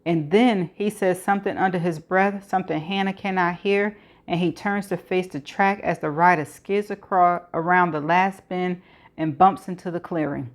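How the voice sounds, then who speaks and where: A woman reads a thriller novel aloud as the host of a reading show. Her voice sits on the lower side and her narration is steady, with the odd stumble and restart. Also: moderate pace. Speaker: audiobook reader.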